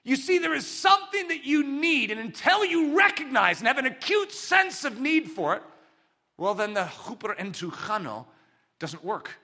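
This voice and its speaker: A man preaching a sermon, swinging between loud, forceful exclamations and quiet, intimate asides. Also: extremely high pitch, big pitch swings, moderate pace. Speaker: pastor.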